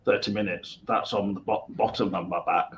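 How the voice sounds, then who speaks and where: A man with a lowish voice who chats casually and keeps challenging the other host with dry, teasing questions. He reads out viewer comments and jokes along. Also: steady tone, normal speed, a bit bright. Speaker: podcast co-host. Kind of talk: casual chat.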